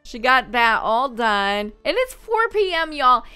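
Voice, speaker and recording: A woman hosting a gaming channel, chatting and thinking aloud as she comments on her gameplay, quick to laugh. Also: a little high, sing-song, sharp tone, smooth, soft background music.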